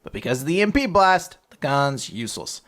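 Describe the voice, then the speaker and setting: A man casually recapping a comic chapter, swearing freely and slipping into quick silly voices for the characters. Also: mid-range voice, very animated, fairly bright tone. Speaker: podcast co-host recapping manga. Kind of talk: casual chat.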